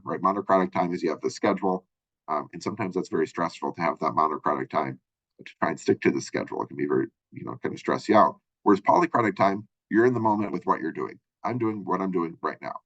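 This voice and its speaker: A man's voice: deep voice, quick pace, fairly bright tone. A man teaching as a college communication instructor in a recorded lecture. He talks conversationally and keeps checking in with "right?" and "you know.". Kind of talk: recorded textbook chapter lecture. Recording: dull lo-fi audio.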